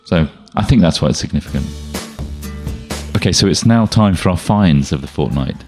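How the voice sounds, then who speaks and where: Super deep voiced guy cohosting a tech podcast, rambly, keeps restarting sentences. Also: lively intonation, moderate pace, a little mellow, soft background music. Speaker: podcast co-host. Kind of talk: casual tech chat.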